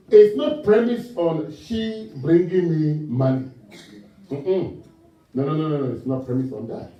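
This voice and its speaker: A man from Ghana preaching a sermon in an animated way, asking the congregation call-and-response questions and laughing along with his own stories. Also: fairly high pitch. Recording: distant mic in a reverberant church hall, muffled.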